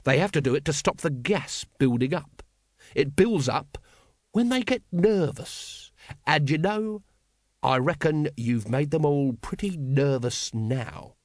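A man voicing a hard-bitten middle-aged watch captain who speaks slowly and softly, with quiet menace, in an audiobook reading. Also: a little high, lively intonation, no echo, clean studio sound. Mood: quietly menacing. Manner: soft, slow, menacing delivery. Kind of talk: audiobook character voice.

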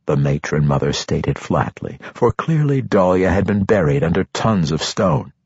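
A man reading a fantasy novel as an audiobook narrator, measured and expressive, in a dull, dry recording. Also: low-pitched, slightly rough, dry recording.

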